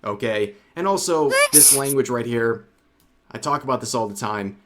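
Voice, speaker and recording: Male commentary narrator, scripted delivery, sardonic and wry, mid pitch. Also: moderate pace, background noise.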